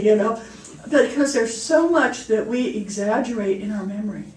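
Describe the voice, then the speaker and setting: A woman's voice: fairly high pitch, expressive, moderate pace, few pauses, crowd noise. A woman minister giving a sermon in a chatty, storytelling way. She laughs at her own jokes. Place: church hall. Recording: echoey hall, mic far off.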